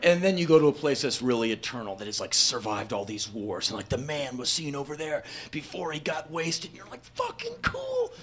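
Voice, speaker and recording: A man in his fifties telling a profane, animated story as a spoken word performer, breaking into loud shouts. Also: medium pitch, brisk, hardly any pauses, slight background noise. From United States. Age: 50s.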